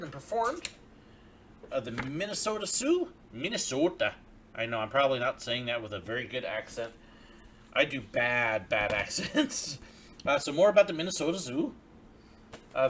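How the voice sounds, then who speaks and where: Bright, lively-voiced man on a livestream. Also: on the high side, slight background noise. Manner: chatty, grateful, reads letters aloud. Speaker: livestream host. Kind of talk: casual livestream chat, reading viewer mail.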